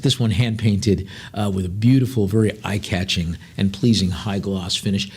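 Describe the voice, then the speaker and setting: Husky man auctioneer: rapid-fire bid calls, relaxed jokey chatter between lots. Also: mid-range voice. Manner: rapid bid calling mixed with chatty, joking asides. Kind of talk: live auction calling with item descriptions.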